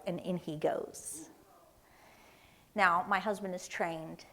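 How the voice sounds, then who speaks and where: Woman from Tennessee, seminar speaker in a church hall; conversational, tells stories, keeps asking "right?". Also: on the low side. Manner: conversational, storytelling, often asks "right?".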